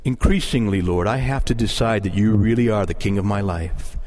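A man preaching a sermon, animated and pleading as he moves between teaching and prayer. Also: on the low side, moderate pace. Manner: lively, rising to impassioned pleading in prayer. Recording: long hall reverb.

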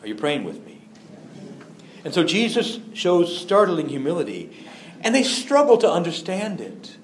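A man's voice: fairly high pitch, sing-song, moderate pace, echoey room, a little hiss or hum, low-quality recording. A man preaching a sermon as a priest, in an earnest, conversational manner that moves in and out of quoted voices.

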